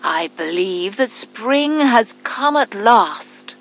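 A woman voicing a huge, selfish, grumpy male giant who speaks loudly and drags out his words. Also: mid-range voice, lively intonation. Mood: wistful. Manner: loud, slow, drawn-out shouting.

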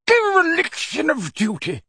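A man's voice: fairly high pitch, lively intonation, unhurried, husky, no room sound, studio quality, pitched above the performer's own voice. A man voicing a frail old wizard who protests with indignant, dutiful outrage.

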